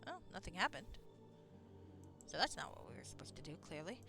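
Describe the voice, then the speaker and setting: A woman's voice: lowish voice, big pitch swings, fairly quick, vocal fry, over music. A woman streaming a video game, talking in a rambling, chatty way, swearing casually and laughing often. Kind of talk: casual rambling commentary while playing.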